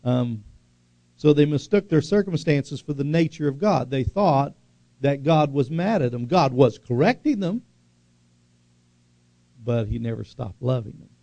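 A man's voice: medium pitch, expressive, a little slow, gravelly, pauses often, warm tone, no echo. A man preaching a sermon, emphatic and repetitive, often putting questions to the congregation. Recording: dull lo-fi recording.

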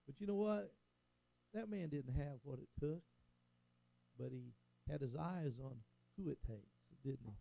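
A man's voice: fairly high pitch, a little slow, gravelly, dark tone, no echo, lo-fi sound. An older man preaching a sermon as a pastor, rising and falling for emphasis and calling out "Amen?" to the congregation.

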